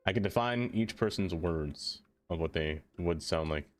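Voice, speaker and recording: A man's voice: low voice, normal speed. A man live-streaming a city-building game, chatting casually with his viewers and laughing often.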